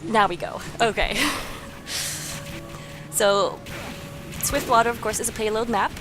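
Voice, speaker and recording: A woman hosting and commentating a team game match, chatty and excitable with frequent fillers. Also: on the high side, a little slow, over music. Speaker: host and caster. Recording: noisy recording.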